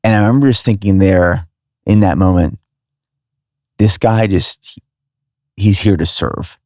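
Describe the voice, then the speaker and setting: A man with a very deep voice hosts a podcast. He asks short questions and looks back on memories in a reflective way. His voice is dry and close to the mic. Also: steady tone, unhurried, a little mellow, no room sound. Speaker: podcast host. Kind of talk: casual conversation.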